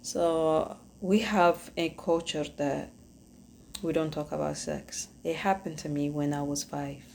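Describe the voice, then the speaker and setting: Low gravelly woman with an Ethiopian accent. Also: fairly even intonation, darkish tone, slight background noise. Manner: halting, searching for words, earnest. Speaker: podcast host. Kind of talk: personal testimony.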